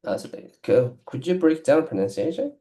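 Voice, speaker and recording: A man practicing English in casual conversation, speaking haltingly with many restarts and fillers. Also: a little high, big pitch swings, warm tone. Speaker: English learner.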